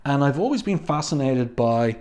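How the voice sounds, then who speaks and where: A man casually reviewing a comic book, reading out the panels, pausing often and slowing down for admiring asides. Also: mid-range voice, animated, darkish tone. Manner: halting, with many ums and slow admiring asides.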